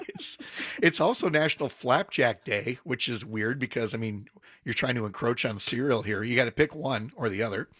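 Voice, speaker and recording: A man's voice: medium pitch, animated, normal speed, fairly bright tone, husky, dry recording, studio quality. A man hosting a morning radio show, chatting casually and laughing often with his co-hosts.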